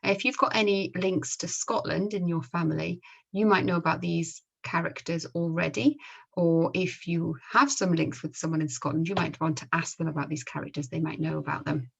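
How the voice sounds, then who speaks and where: A woman's voice: on the low side, steady tone, normal speed, gravelly, slightly rough, muffled recording. A woman from the north of England, a primary school teacher, chatting to pupils about comic strips in a friendly, explaining way with fillers. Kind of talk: recorded book sharing for pupils.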